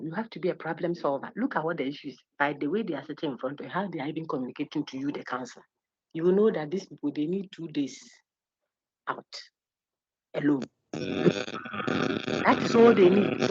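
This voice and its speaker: A woman giving a university lecture, animated and teasing, acting out little quotes as she goes. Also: fairly low pitch, a little hiss or hum. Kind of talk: lively classroom lecture. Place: lecture hall. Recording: husky, dull lo-fi lecture recording.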